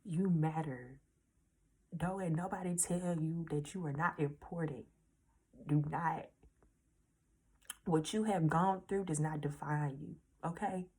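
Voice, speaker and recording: A woman's voice: low voice, slow pace, pauses often, a little mellow, husky. A 19-year-old woman speaking earnestly and casually to her viewers in a heartfelt storytime vlog, repeating reassurances. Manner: casual slangy speech. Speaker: vlogger.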